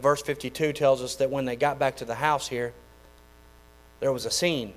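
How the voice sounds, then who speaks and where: A man, preaching a sermon in a folksy, animated way with lots of repeated phrases. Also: medium pitch, moderate pace, pauses often, rough recording. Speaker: pastor.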